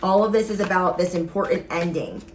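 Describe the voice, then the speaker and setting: A woman's voice: fairly low pitch, fairly quick, slight background noise. A woman giving a casual tarot reading, speaking straight to her viewers in an emphatic, sassy way. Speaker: tarot reader.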